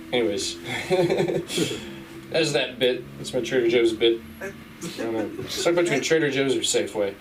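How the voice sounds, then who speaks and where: Young man, stand-up comedian, slow rambling delivery, giggly, distant live recording, loud audience laughter. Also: medium pitch, big pitch swings, crowd noise. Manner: rambling, giggly, trailing off with fillers. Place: comedy club stage. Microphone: stage microphone.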